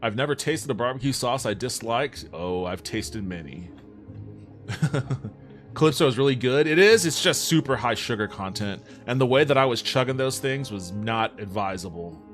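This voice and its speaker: A man riffs casually with his viewers on a livestream, reading their messages aloud and answering them. His talk is loose and sprinkled with swearing. Faint music sits softly in the background. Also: medium pitch, animated, normal speed. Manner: laid-back and profane, reads chat aloud and answers it.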